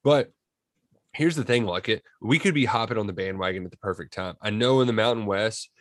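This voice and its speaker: A man co-hosting a casual college football podcast, talking in animated, excitable bursts. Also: lowish voice, brisk, no echo, studio quality. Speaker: podcast co-host. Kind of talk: casual sports chat.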